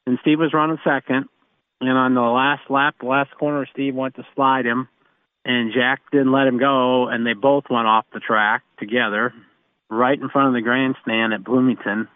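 A man's voice: mid-range voice, little pitch movement, normal speed, no echo. Guy spinning old racing stories, chuckles a lot, tinny phone line, dry sound. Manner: rambling, chuckling storyteller. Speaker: race car mechanic. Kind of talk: anecdotal storytelling.

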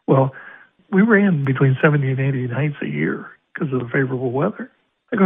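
A man's voice: mid-range voice, quick pace, gravelly, husky. An older man from Arizona, a racetrack announcer, telling stories in an interview and acting out the dialogue. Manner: animated storyteller acting out quoted dialogue. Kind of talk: storytelling interview. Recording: phone-like radio line.

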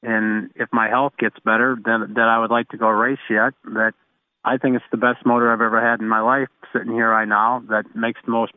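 Chuckling as he goes, a race car mechanic drifts from one anecdote to the next. His voice is mid-range, and the phone-line interview recording is dry.

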